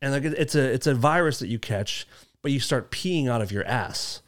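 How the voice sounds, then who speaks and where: A man's voice: mid-range voice, expressive, moderate pace. A man in his thirties hosting a casual podcast chat, telling crude funny stories and laughing along. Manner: crude joking storyteller, laughs often.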